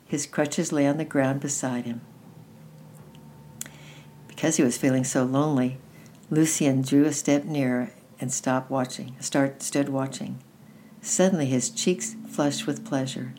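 A woman reading a children's book aloud in a gentle, unhurried way, with small restarts. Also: a bass voice, steady tone, slight background noise. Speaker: storyteller.

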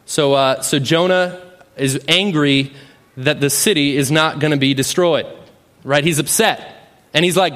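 A man's voice: fairly high pitch, unhurried, fairly bright tone. A man preaching a sermon in a conversational way, often adding "right?" and reading scripture aloud with rising emphasis. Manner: conversational, often adds "right?" as a tag question. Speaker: pastor.

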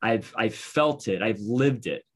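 A man's voice: fairly low pitch, animated, measured pace. A man giving a conversational Bible teaching, reading verses and explaining them informally with many fillers and restarts. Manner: informal, thinking aloud, frequent fillers and restarts.

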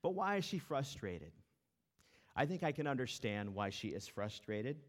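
A male pastor in his thirties gives a sermon in an easy, conversational way. He wanders into a story about his kids, with the odd "uh" and "you know" as he goes, and keeps his voice at a steady middle pitch. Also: normal speed. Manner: conversational, storytelling with filler words.

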